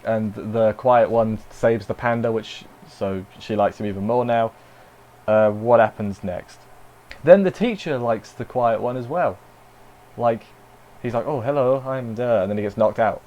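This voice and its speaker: A man's voice: medium pitch, unhurried, a little mellow, highs cut off. A man casually reviewing an anime episode, rambling, with dry sarcastic asides.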